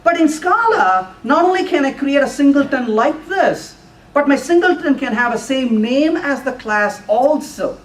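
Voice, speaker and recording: A man giving a technical talk with live coding to a user group, animated and playful, now and then putting on a mock voice for the compiler. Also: very high-pitched, unhurried. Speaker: conference speaker. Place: lecture room at a user group meeting. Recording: echoey room, voice from far off.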